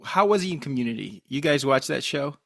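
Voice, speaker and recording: A man's voice: medium pitch, expressive, vocal fry, fairly bright tone, no room sound. Podcast host man with a dry sound. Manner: steers with questions, measured commentary. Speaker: podcast host leading the questions. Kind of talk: casual podcast chat.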